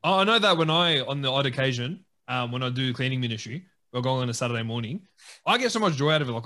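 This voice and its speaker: A man co-hosting a casual Christian chat, upbeat and quick to laugh. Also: medium pitch, expressive, sharp tone. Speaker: podcast co-host.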